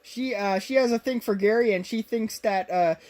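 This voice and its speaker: A woman co-hosting a podcast recaps a movie in casual conversation, rambling along with lots of fillers and restarts. Her voice is on the high side and a little mellow, at a moderate pace.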